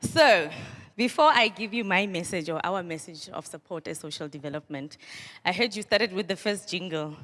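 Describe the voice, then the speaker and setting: A woman's voice: on the low side, lively intonation, normal speed, a bit bright, long reverb tail. A middle-aged woman, a social development official giving a motivational speech to students and leading call-and-response chants. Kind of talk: motivational speech to a youth crowd.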